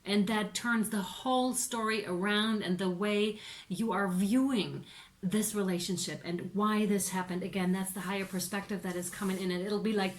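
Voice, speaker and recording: Excitable lady reading tarot cards for her viewers, chatty, laughs and cusses a bit. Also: mid-range voice, moderate pace. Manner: excitable, swears, laughs often. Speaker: tarot reader. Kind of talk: casual tarot reading to camera.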